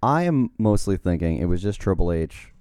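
A man co-hosting a casual podcast, telling stories in a relaxed, wry way, with many fillers. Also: low-pitched, moderate pace, clear, resonant tone, no room sound, clean studio sound. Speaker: podcast co-host and writer.

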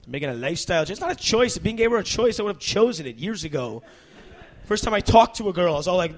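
A young man doing stand-up comedy, then chatting as a talk show guest, rambling and interrupting himself with animated bursts. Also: high-pitched, racing. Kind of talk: stand-up set then casual chat.

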